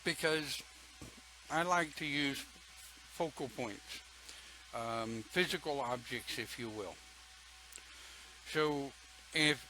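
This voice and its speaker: A man's voice: medium pitch, pushed and bright, rough recording. An older man leading an online pagan church talk, folksy and chatty, reading viewer comments and laughing often.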